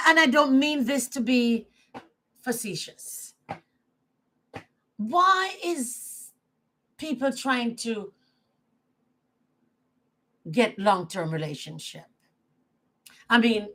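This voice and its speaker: Slow-talking woman host sharing opinions. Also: fairly high pitch, bright, forceful tone, poor audio. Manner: earnest, opinionated storytelling. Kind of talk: casual live chat.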